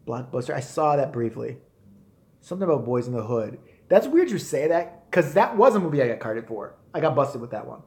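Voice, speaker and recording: A man in his forties ranting on a live stream, profane and animated. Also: medium pitch, fairly quick, reverberant. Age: 40s. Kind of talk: casual rant.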